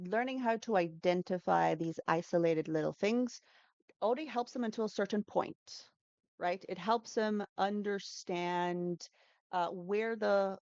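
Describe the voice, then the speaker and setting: A woman who teaches English shares pronunciation tips during a casual interview, patiently explaining and demonstrating sounds with frequent fillers. Her voice is medium-pitched, and the recording is dry and dull.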